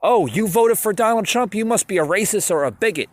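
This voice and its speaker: A shrill, squealing male caricature in a state of exaggerated alarm, as a man puts him on mockingly. The voice jumps far above the speaker's own and comes out loud and strained. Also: expressive, brisk. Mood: outraged.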